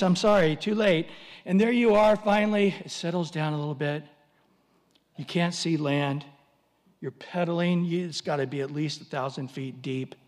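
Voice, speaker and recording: A man's voice: high-pitched, moderate pace. A man preaching a sermon, telling vivid stories with dramatic swings and humorous asides. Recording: long hall reverb.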